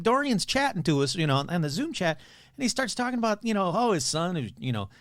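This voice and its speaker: Male podcast host, rambling casual chat, upbeat and slightly higher-pitched, very swingy delivery, dry close sound. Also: a bit bright, no room sound. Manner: rambling, chatty, swears freely.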